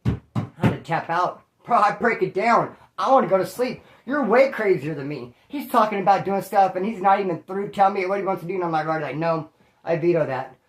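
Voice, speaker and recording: A man's voice: high-pitched, brisk. Slangy man telling street stories, roomy echo. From Bakersfield, California. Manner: slangy, animated, fond of street talk. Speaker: storyteller host. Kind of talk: casual street storytelling.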